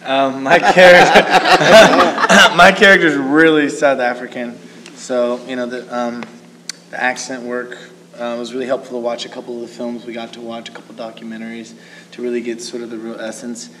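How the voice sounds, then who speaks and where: A male actor talking in an interview about his preparation. He speaks in an even, relaxed way. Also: mid-range voice, a little fast, slight background noise, low-quality recording. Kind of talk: casual interview.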